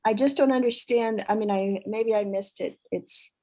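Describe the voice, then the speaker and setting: A woman's voice: mid-range voice, normal speed, dark tone, low-quality recording. A woman in a study class asking a question, hesitant and searching for her words.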